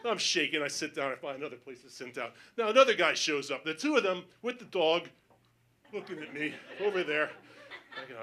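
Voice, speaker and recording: A male stand-up comedian telling a story on stage, acting out the voices of other people and building up to panicked shouting. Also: on the high side, expressive, fast.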